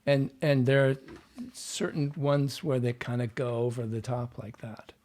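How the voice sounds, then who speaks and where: A man's voice: mid-range voice, steady tone, unhurried, a little mellow. Man patiently explaining accents as a coach. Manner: patient, explanatory, demonstrates sounds aloud. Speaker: dialect coach. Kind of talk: interview guest explaining accents.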